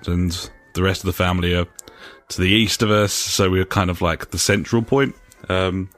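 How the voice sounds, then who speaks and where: A man co-hosting a casual podcast, relaxed and quick to laugh. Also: on the low side, no room sound. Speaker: podcast co-host. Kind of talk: casual chat.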